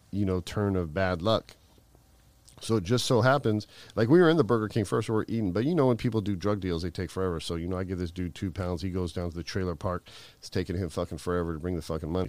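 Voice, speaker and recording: A man's voice: sits low, a little mellow, dry recording. A middle-aged man telling a long story in casual, rambling speech full of fillers and swearing. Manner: rambling, profane, heavy fillers. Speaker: guest.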